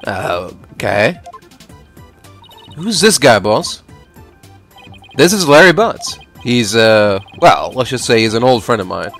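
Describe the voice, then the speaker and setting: A man voicing a laid-back adult lawyer who runs his agency and talks in a dry, low-key way. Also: animated, slow pace, pauses often, a bit bright, soft background music. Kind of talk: fan voice-over of a video game.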